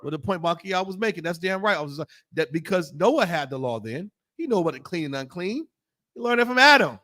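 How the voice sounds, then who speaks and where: A man leads a Bible law class, swearing freely and firing off rhetorical questions. His voice sits high and swings widely up and down as he preaches. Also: sing-song, fairly quick, bright, forceful tone. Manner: blunt, profane, rhetorical questions. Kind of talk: fiery preaching lesson.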